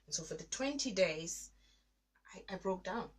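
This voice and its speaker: Thirties woman giving testimony in an interview, gets emotional, replays her old prayers out loud. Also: on the low side, lively intonation, moderate pace, breathy edge. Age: 30s. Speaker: guest.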